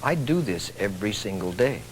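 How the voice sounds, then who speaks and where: A man's voice: on the low side, lively intonation, brisk, a little hiss or hum, rough recording. A middle-aged man from Texas, a stage actor speaking earnestly, with dry humor, as a TV talk show guest. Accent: Texan.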